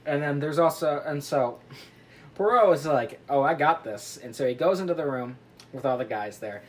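At normal speed and in a low-pitched voice, a woman recounts a book's story to her friends in casual conversation. She rambles and giggles while playing the characters, and the group laughs lively in the background.

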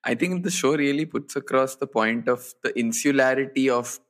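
A man's voice: medium pitch, moderate pace, fairly bright tone. A young man co-hosting a podcast, chatting casually and telling a story with fillers, restarts and easy laughs. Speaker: podcast co-host. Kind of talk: casual chat.

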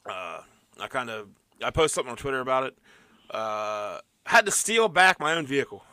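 A man's voice: mid-range voice, big pitch swings, normal speed, bright, forceful tone, no echo, clean studio sound. A man co-hosting a podcast, telling a rambling story in a laid-back, casual way with lots of fillers. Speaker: podcast co-host. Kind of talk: casual chat.

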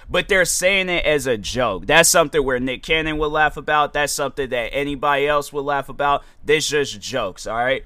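A man's voice: mid-range voice, a little fast, few pauses, sharp tone, clear, resonant tone, no echo. A young man hosting a podcast, rambling through a casual commentary monologue with lots of fillers. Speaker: podcast host.

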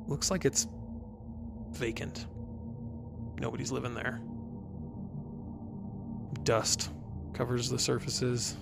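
A man's voice: mid-range voice, creaky. A man narrating as game master of a tabletop game in a casual, swearing way. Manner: casual, swearing, restarts sentences. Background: background music.

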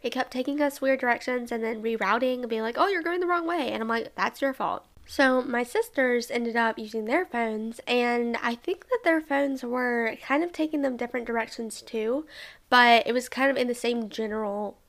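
A woman's voice: fairly high pitch, fairly even intonation, moderate pace. A young woman from Alabama chatting casually about a trip with her sisters, bubbly and full of "like" and little laughs. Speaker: travel vlogger. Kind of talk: casual travel recap.

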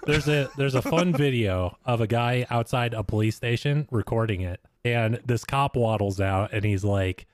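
A man's voice: medium pitch, normal speed, hardly any pauses, no room sound. A man in casual podcast chat who tells stories and acts out what people said. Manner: storytelling, acts out quotes.

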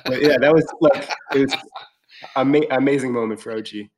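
A man talking at a medium pitch, tumbling over his words with lots of "you know" and false starts. He chats casually and gets excited as he goes. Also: brisk, slightly rough. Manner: excited, rambling with many fillers and restarts. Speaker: podcast guest. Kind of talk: casual chat.

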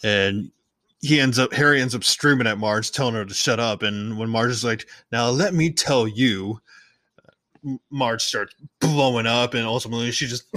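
Recorded close and dry with no echo or room sound, a male podcast host with a bright, forward voice at medium pitch rambles through a movie recap. He's chatty, self-correcting, and restarts sentences, now and then playfully acting out other characters' lines.

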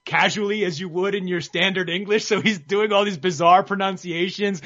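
A man with a high, bright voice chats loosely about boxing, tripping over his own words as he gets excited. The sound is a little dull and lo-fi. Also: normal speed. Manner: rambling, excitable, many restarts. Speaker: boxing podcast co-host. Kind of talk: casual sports chat. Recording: slightly muffled lo-fi mic.

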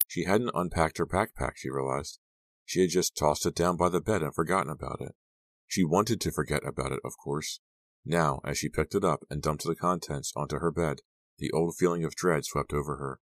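A man with an extremely deep, low voice narrates an audiobook in a measured, steady way. The sound is dry and close, with no room around it. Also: dry recording.

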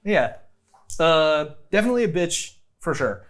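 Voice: mid-range voice, moderate pace. A game master narrating a tabletop game in a playful way, with lots of "uh" and "um". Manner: playful, animated narration with many fillers.

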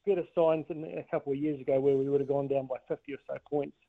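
A man's voice: mid-range voice, fairly even intonation, fast, creaky. A man from New Zealand calling in to a radio show, chatty and self-mocking, who says mate often. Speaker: caller. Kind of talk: casual phone chat. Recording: muffled phone line.

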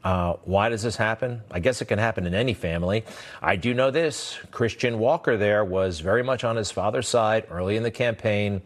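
A man's voice: on the low side, a little fast. A man hosting a political commentary show, talking in a sarcastic, emphatic monologue full of rhetorical questions. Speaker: commentary host.

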